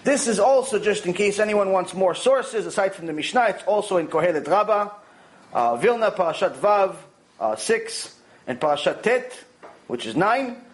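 A man giving a Torah lecture, telling stories in an animated way and repeating lines for emphasis. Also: high-pitched, normal speed. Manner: animated storytelling, with repetition for emphasis. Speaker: Torah teacher.

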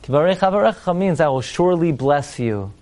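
Torah teacher, male, fairly high voice, chants verses then quips, live class. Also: animated, fast, darkish tone. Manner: rhetorical questions, wry humorous asides. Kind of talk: lecture to a live audience.

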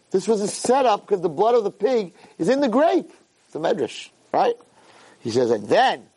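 Male rabbi teaching a Torah class, pitch on the higher side, very expressive, quotes Hebrew then explains. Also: husky. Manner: animated, reads Hebrew source lines then translates them. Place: room with a live audience.

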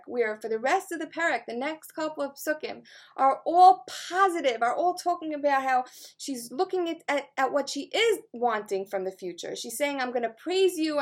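High-voiced woman teaching with earnest warmth. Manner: earnest, conversational, with casual fillers. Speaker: teacher and life coach. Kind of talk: Torah lesson on a psalm.

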